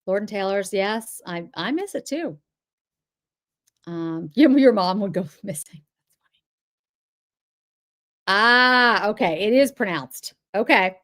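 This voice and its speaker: A woman hosting a live video, chatty and rambling as she answers viewers one after another. She is middle-aged and from the Boston area, and her voice sits at an ordinary middle pitch. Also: expressive, takes it slowly, pauses often, fairly bright tone. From Boston area, New England. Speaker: livestream host. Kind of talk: casual livestream chat reading comments.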